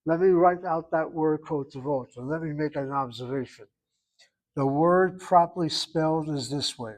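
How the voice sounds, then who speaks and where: A man's voice: fairly high pitch, low-quality recording. A man teaching an online Hebrew class, correcting students precisely and spelling out syllables carefully. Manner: over-articulates words slowly.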